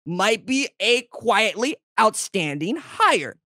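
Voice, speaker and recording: A man hosting a college football show, giving brash, teasing commentary straight to his audience and jumping high and loud when he gets excited. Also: normal speed, no echo, clean studio sound. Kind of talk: opinionated sports commentary to camera.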